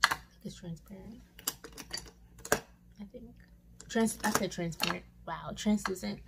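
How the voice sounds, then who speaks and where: A woman's voice: mid-range voice, measured pace, creaky, very noisy. A young woman chatting casually through a makeup tutorial at home, self-mocking and swearing now and then. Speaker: beauty vlogger. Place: home room with mirror and lights. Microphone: camera mic.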